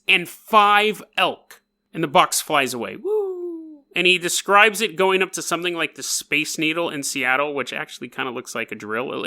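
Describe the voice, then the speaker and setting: Animated, bright-voiced male podcast host. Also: sits high. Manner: jokey, animated, acts out quotes. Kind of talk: comedic storytelling.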